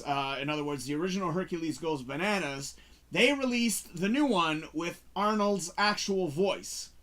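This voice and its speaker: A man hosting a casual talk show, chatting about movies in an animated, rambling way. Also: high-pitched. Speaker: show host reviewing movies.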